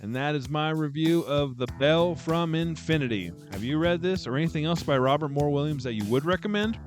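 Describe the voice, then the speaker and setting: A man's voice: a little high, brisk, over music. A man hosting his own book review channel, delivering a scripted, wry and mocking critique.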